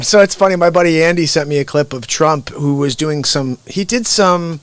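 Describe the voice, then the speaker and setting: A man hosting his own comedy livestream late at night, giggling and rambling between bits. He sounds tired as the hour drags on. His voice is dry and close, sitting a little high for a man. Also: moderate pace, hardly any pauses, clear, resonant tone, no room sound.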